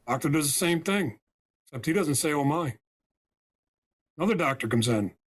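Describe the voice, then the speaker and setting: A man's voice: fairly high pitch, expressive, fast talker, husky. A man from the United States telling a story as a podcast guest and spiritual healer, emphatic and often checking in with "right?" and "okay?".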